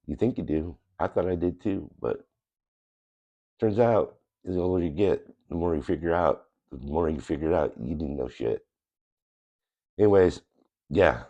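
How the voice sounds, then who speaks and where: A channel host recovering from a cold shares his personal faith story to camera, his voice nasal, extremely low, creaky, mellow and slightly rough. He talks in an earnest, plain-spoken, rambling way.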